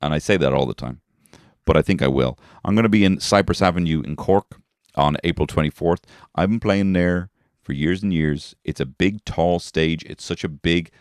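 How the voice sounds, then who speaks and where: Dublin comedian, 30s, man, extremely deep voice, dry close recording, rambling self-mocking podcast chat with casual swearing. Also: no echo. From Dublin, Ireland. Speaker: comedian host.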